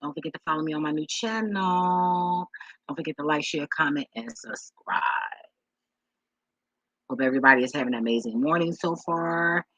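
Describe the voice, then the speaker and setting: A woman's voice: sits low, moderate pace, a bit bright, dry recording, muffled recording. A woman vlogger talking loosely and profanely to her viewers, rambling with many restarts and addressing them as y'all. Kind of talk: casual rambling monologue to viewers.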